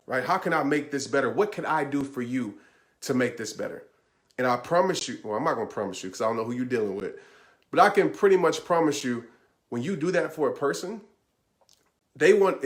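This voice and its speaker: Earnest man giving motivational advice. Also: medium pitch. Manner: earnest, repeats "I promise you" and "right?"; conversational, speaks directly to listeners. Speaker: motivational speaker. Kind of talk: motivational talk answering a question.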